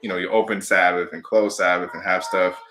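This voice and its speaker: Low-voiced, bright man chatting. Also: fairly quick, slight background noise. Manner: relaxed, rambling, with restarts. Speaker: co-host. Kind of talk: casual chat.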